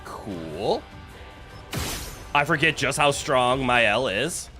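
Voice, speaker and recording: A man's voice: mid-range voice, animated, slow pace, music in the background. A man streaming a video game, chatting casually, reading game text aloud and reacting with playful exclamations. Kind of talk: casual gameplay commentary.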